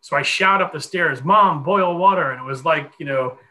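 A man in his forties telling a long personal story in a podcast conversation, animated and full of fillers. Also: medium pitch, a little fast, low-quality recording. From Connecticut. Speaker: guest.

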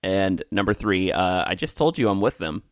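A man's voice: sits low, animated, moderate pace, no room sound, clean studio sound. A man co-hosting a podcast, chatting casually and reading quiz questions aloud in an offhand way. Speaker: podcast co-host.

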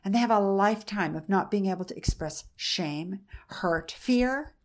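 A woman's voice: mid-range voice, normal speed, a little mellow. A woman in her forties, a mother being interviewed, telling her story in an earnest, conversational way, often restarting and repeating phrases.

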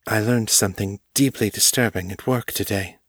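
A man's voice: lowish voice, normal speed, slightly rough, no room sound, clean studio sound. A man reading aloud and voicing a deferential, hesitant woman who has just become a vampire.

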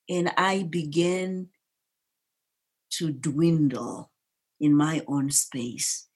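Woman from zimbabwe, low voice, emphatic storytelling. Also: a little mellow, husky. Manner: slow, deliberate, emphatic storytelling. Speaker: speaker telling her life story. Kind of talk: storytelling talk.

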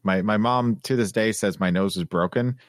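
A man's voice: fairly low pitch, moderate pace, no echo. A man co-hosting a podcast, chatting casually and telling a childhood story with dry one-liners. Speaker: podcast co-host. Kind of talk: casual chat.

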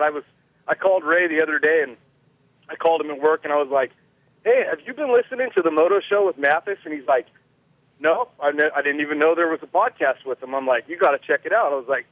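A chatty male caller from California tells his story over a tinny phone line. His voice sits a little high, and he laughs easily as he talks. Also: fast talker, no echo. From California, USA. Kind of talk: casual call-in chat.

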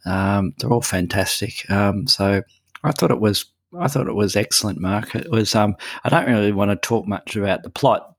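A husky, gravelly man talks in a casual radio chat. He hesitates often and fills gaps with ums. His voice sits a little low and sounds dry and close. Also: normal speed, no room sound. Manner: hesitant, many ums and restarts. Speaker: regular guest on a veterinary news segment.

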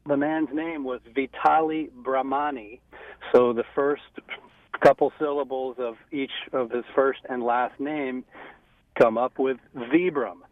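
A man's voice: medium pitch, fairly even intonation, unhurried, no room sound. A man being interviewed as a guest on a radio show, easygoing and full of fillers. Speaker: guest, footwear industry rep. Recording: tinny phone line from a distance.

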